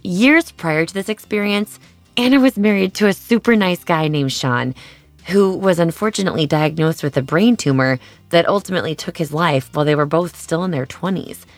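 A woman narrating a documentary in a measured, earnest way. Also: on the low side, dry recording, soft background music.

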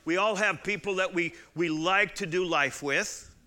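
Man preaching with bright, rising emphasis. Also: sits high, a little slow. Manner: builds to loud emphatic climaxes, then drops to quiet asides; conversational, with repeated restarts and folksy asides. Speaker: pastor. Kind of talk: sermon.

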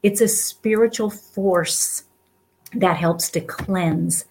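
A woman's voice: mid-range voice, slow, creaky, slight background noise. Earnest woman sharing heartfelt encouragement. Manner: earnest, warm-hearted and encouraging, with soft laughs. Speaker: guest speaker. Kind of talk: heartfelt casual talk to an audience.

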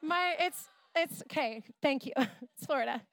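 Woman preacher in her middle years, high bright voice, dry close sound, animated sermon storytelling. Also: normal speed, no echo. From Canada. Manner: animated, playful storytelling with asides. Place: church.

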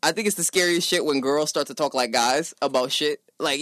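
Young male co-host, crude joker, slightly high pitch. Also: a little fast, a bit bright, no room sound, studio quality. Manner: crude, joking, laughs a lot. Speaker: podcast co-host. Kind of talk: casual banter among friends.

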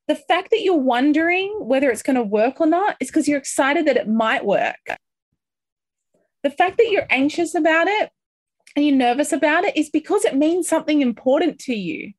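Bright high-voiced woman coaching a group. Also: no room sound. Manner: upbeat, encouraging, acts out feelings with excited outbursts. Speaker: coach leading a group call. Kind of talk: motivational coaching talk.

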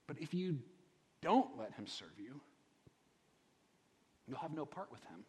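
A male pastor delivers a sermon in a lively, swooping voice with a husky edge. He talks casually, stumbling over repeated words and checking in with rhetorical questions. The sound carries a long reverb, like a large church hall. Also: a little high, normal speed, long pauses. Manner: animated, conversational preaching with many repeated words and rhetorical questions.

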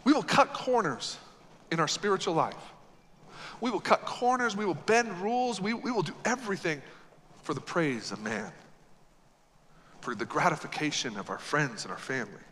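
Emphatic bright-voiced male pastor preaching. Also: fairly high pitch, very animated, moderate pace, long pauses, a little hiss or hum. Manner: emphatic preaching, swinging between loud exhortation and quiet earnest lines. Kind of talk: sermon. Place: church sanctuary. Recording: long hall reverb.

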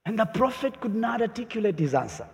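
A man preaching a sermon as pastor, lively and emphatic, often voicing pointed questions. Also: high voice, a little fast, creaky. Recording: long hall reverb.

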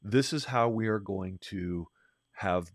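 A middle-aged man with a fairly low voice tells a workplace story in a loose, conversational way. He often restarts his sentences and acts out the lines of people he quotes. The recording is dry and close. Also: takes it slowly, no echo. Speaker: podcast host, leadership trainer.

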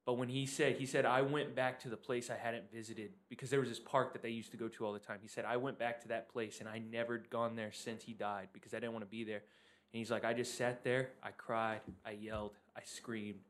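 A man co-hosting a casual church podcast, telling a story in a heartfelt, relaxed way. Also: medium pitch, a little fast.

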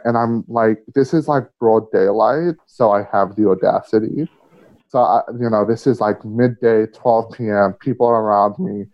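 A low-pitched man tells a story in easy, candid podcast talk, full of fillers and swearing. The recording sounds muffled and lo-fi. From Australia. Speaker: podcast guest. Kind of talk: casual conversation. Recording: muffled lo-fi audio.

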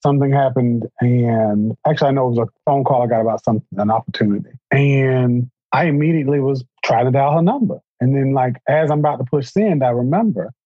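A man in casual chat, telling family stories in an earnest, reflective way, with a husky voice. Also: medium pitch, brisk, hardly any pauses, no room sound. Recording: dull, dry recording.

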